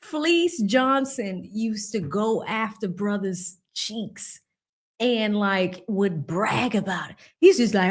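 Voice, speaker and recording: A woman hosting a casual livestream, reading viewer comments aloud and laughing as she mocks the people she talks about with quick impressions. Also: medium pitch, animated. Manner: reads viewer super chats aloud, laughing and mocking. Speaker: livestream host.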